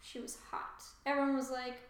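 A woman co-hosting a podcast in casual chat, making dry, deadpan quips. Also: high-pitched, moderate pace, echoey room. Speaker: podcast co-host.

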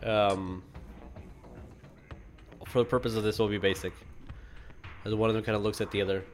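A man's voice: fairly low pitch, level tone, moderate pace, faint music behind. A man running a tabletop game as game master, chatty and explaining rules as he makes them up.

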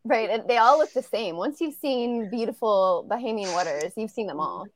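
A woman's voice: a little high, animated, normal speed, no echo. Woman author reading her novel aloud. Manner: casual, laughs easily between lines. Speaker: romance author, guest.

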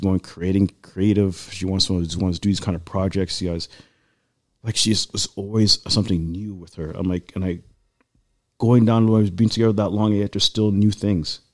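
A man in casual chat, telling a long personal story in a rambling, animated way with lots of fillers. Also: low-pitched, moderate pace. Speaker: guest.

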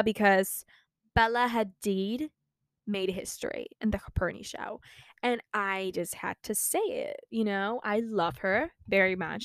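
A sixteen-year-old girl from Spain, chatting casually as a podcast host, gushing and excitable and swearing freely. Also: mid-range voice, smooth, dry recording. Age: teens. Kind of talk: casual chat.

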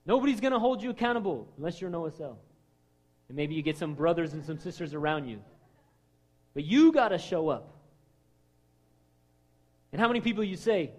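A man preaching a sermon in a conversational way, acting out quoted voices and swinging between loud lines and hushed ones. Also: on the high side, expressive, brisk, long pauses. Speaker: pastor.

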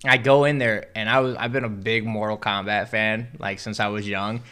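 A man's voice: on the low side, flat delivery, moderate pace, sharp tone, clean tone. A young man co-hosting a podcast, telling a long, rambling party story full of swearing and laughing as he goes. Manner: rambling, profane, laughs through stories. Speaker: podcast co-host. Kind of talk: casual chat, storytelling.

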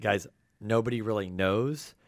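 Pumped-up guy cohosting a podcast, lowish voice, dry close sound. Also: measured pace, no room sound. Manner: energetic, hyped-up delivery. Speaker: podcast co-host. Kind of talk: casual chat.

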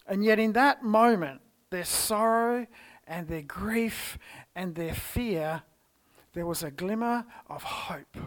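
A man with an Australian accent preaching a church sermon, telling the story expressively and moving between loud exclamations and hushed tones. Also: high voice, slow. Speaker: pastor. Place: church service.

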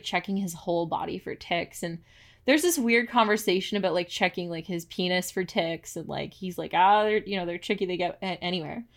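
A woman co-hosting a podcast, recapping an episode in casual chat with a rambling manner and lots of filler words. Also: medium pitch. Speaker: podcast co-host.

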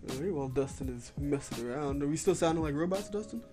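A man running a gaming podcast in a lively, teasing way, keeping the talk moving and ribbing his co-host. His voice sits a little higher than most men's. Music plays clearly underneath him. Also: fast talker. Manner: upbeat, teasing, runs the conversation. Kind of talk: casual gaming chat.

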